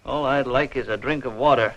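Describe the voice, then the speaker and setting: A man's voice: medium pitch, a little fast, a bit bright. A man playing a polite, earnest young cowboy sheriff with an easygoing drawl, with music behind. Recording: dull old TV soundtrack with music.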